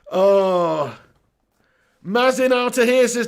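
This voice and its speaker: A man's voice: very high voice, animated, extremely slow, vocal fry, long pauses, smooth. A man hosting a live stream, reading viewer comments in casual chat, jokey and self-mocking with frequent laughs.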